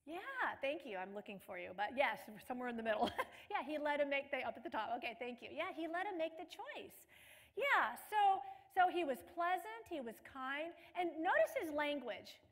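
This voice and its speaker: A woman leading a parenting workshop, energetic, asking the group questions and repeating their answers. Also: high-pitched, normal speed. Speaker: parenting class leader. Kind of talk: interactive workshop teaching.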